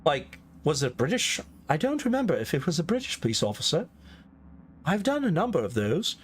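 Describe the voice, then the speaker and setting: A man's voice: on the high side, sing-song, a little fast, husky. A man from Texas with a Texan accent, chatting and rambling as he streams a game. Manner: chatty, rambling, self-correcting. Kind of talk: casual live-stream chat.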